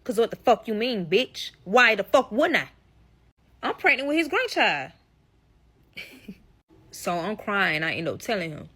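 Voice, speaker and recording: A woman's voice: mid-range voice, expressive, unhurried, long pauses, sharp tone, breathy edge. A young woman telling a personal story to her viewers in a casual vlog, blunt, profane and emphatic, talking straight to the audience.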